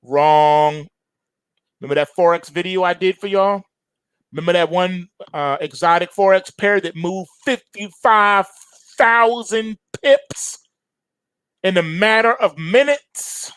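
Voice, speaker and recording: A man's voice: high-pitched, slow pace, a bit bright, smooth, no echo. A man hosting a trading show, giving an emphatic, preachy market commentary full of slang and repetition.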